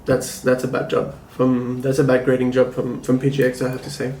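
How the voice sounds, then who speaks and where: A man hosting a casual review vlog, talking to camera in a measured, thoughtful and critical way. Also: mid-range voice, monotone, noisy background. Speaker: comic book collector and channel host. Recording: roomy echo, faint ambience.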